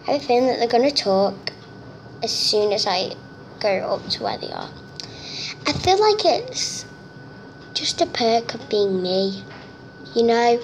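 A young woman giving chatty, excitable gameplay commentary, nervous and talkative, recorded on a phone. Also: a little high, unhurried, pauses often, a little hiss or hum. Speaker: gamer. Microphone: phone screen-recorder mic.

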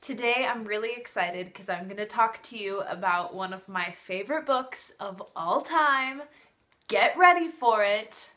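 A woman's voice: mid-range voice, a little slow, bright, forceful tone. A woman talking in a casual vlog review, gushing and emotional as she chats about a book she loves.

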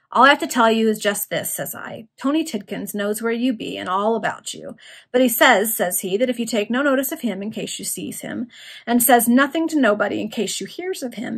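A woman reading aloud, voicing a gruff, rough-spoken male thief who talks in slang. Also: fairly high pitch, a bit bright, heavily acted. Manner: growling, slangy dialect.

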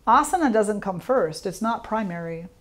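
A woman yoga teacher giving an informal teaching talk, speaking in a calm, reflective way and putting questions to her listeners. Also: medium pitch, normal speed.

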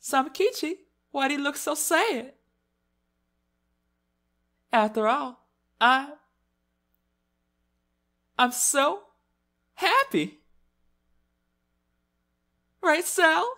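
A man voicing a gentle young sea-witch girl, speaking sweetly and dreamily in a put-on American Southern accent. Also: extremely high pitch, very animated, very slow, long pauses, pitched above the performer's own voice, heavily acted. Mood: eerily sweet. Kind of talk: let's-play voice acting.

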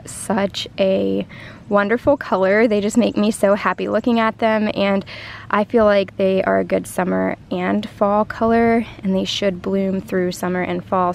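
Female vlogger, outdoors, handheld camera, creaky voice, faint noise behind. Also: mid-range voice. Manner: chatty, rambling. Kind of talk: casual vlog talk to camera. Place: outdoors in a yard.

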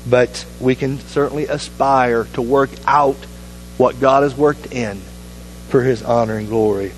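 A man's voice: mid-range voice, steady tone, a little slow, a little hiss or hum, rough recording. A man pastor preaching a sermon in a church, earnest and urging, with repeated appeals to the congregation. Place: church sanctuary.

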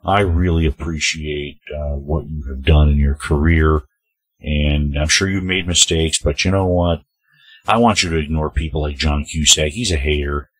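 A man's voice: rumbling low, fairly even intonation, moderate pace, a bit bright, slightly rough, no room sound. A man hosting his own opinion vlog. He reads social media posts aloud and answers them in a heated, preachy way, speaking straight to the people he names. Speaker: channel host.

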